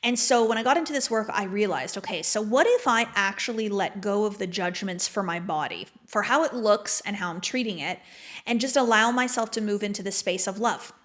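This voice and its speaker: Speaking briskly in a fairly bright, medium-pitched voice, a manifestation mentor guesting on a podcast talks in a candid, reflective way. The conversation is casual and peppered with "like."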